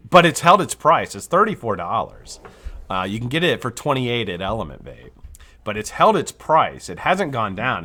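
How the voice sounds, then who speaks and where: A man's voice: medium pitch, bright, forceful tone. A man hosting a live vape review show, talking casually and enthusiastically and swearing freely.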